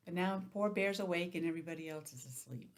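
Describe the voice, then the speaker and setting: Woman teacher reading a storybook to little kids, lower voice, gentle, explains as she goes. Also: lively intonation, fast. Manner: gentle, explaining and asking questions. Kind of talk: reading a picture book aloud to young children.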